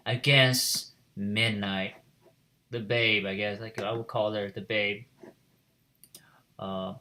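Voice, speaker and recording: A man's voice: medium pitch, pushed and bright, a little hiss or hum. A man casually reviewing an anime episode, rambling with lots of "you know" and "like" and restarting his phrases.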